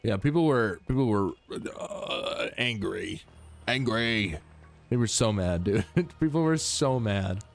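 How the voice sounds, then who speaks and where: A laid-back man chatting to his stream chat while he plays, loose and profane. His voice sits at an ordinary middle pitch. Faint music plays underneath. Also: expressive, a little slow. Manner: laid-back, swears, laughs, talks to chat. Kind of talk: casual gameplay commentary.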